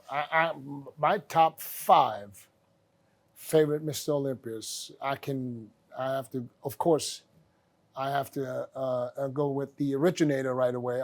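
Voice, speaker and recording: A man's voice: medium pitch, a little mellow. A man guesting on an interview show, talking modestly and hesitantly with many restarts. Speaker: interview guest, bodybuilding trainer. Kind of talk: casual interview chat.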